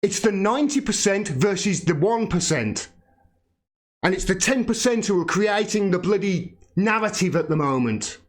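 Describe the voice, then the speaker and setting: A British man in his forties holds forth on a live political stream in a fairly high voice, angry and sweary, breaking into laughs now and then. He talks straight to his viewers as the host. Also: lively intonation, moderate pace. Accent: British English. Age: 40s. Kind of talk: livestream political rant.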